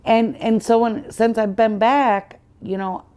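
A woman's voice: fairly high pitch, fairly even intonation, unhurried, warm tone, smooth. Earnest woman sharing a faith testimony. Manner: earnest storytelling, acts out quoted dialogue. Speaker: podcast guest. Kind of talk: personal faith testimony in conversation.

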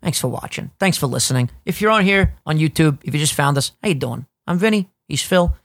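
A young man co-hosting a podcast in casual chat, animated and swearing freely, often slipping into voices. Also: a little high, brisk, no room sound, studio quality. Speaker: podcast co-host.

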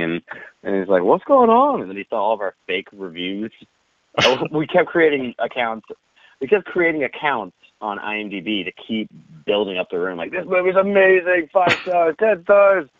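A man telling an animated, profane anecdote in casual conversation, laughing often. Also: deep voice, normal speed, no echo. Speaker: guest. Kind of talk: casual storytelling. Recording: tinny phone-like line.

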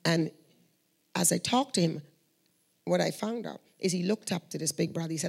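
A Christian woman with a husky, gravelly voice tells prayer testimonies as spoken stories, earnest and conversational, acting out the voices she quotes. Her pitch is on the low side, her tone darkish, and she speaks at normal speed.

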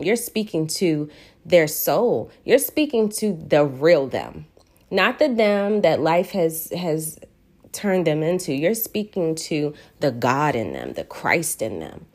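Low-voiced woman hosting a podcast. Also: darkish tone, slightly rough. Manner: earnest, reflective, drawn-out emphasis on key words. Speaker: podcast host. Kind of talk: casual solo podcast talk.

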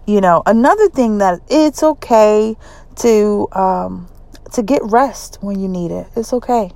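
A middle-aged woman talking casually to her viewers in a vlog, chatty and emphatic, with sudden jumps in pitch. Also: a little slow, gravelly, warm tone, dry recording. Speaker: vlogger.

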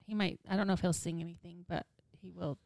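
A woman co-hosting a podcast in casual chat, excitable and quick with blunt jokes. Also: fairly low pitch, vocal fry, dry recording, studio quality. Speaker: podcast co-host.

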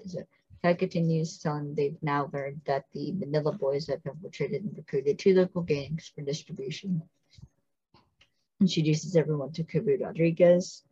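A woman's voice: low voice, moderate pace, slightly rough, no room sound, lo-fi sound. A woman co-hosting a casual podcast, recapping a TV episode and acting out the characters' lines. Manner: animated, acts out characters' lines. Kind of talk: casual chat.

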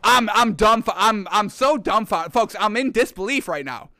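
A man's voice: high voice, animated, moderate pace, pushed and bright. A man hosting a sports talk show, ranting in exasperation and often calling out to his listeners as folks. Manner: exasperated, ranting, mocking voices in quotes; keeps addressing listeners as folks. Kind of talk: opinionated sports rant.

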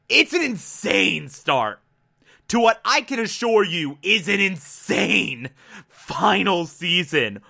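Excitable high-voiced man recapping TV. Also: creaky. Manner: excitable, emphatic, bursts into loud exclamations. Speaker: TV episode recapper. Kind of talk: casual episode recap.

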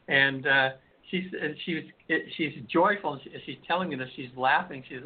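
A man's voice: medium pitch, moderate pace, hardly any pauses. Man telling stories over a phone line. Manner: rambling, many restarts and fillers. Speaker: hypnotherapist guest. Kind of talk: storytelling in a call-in radio interview.

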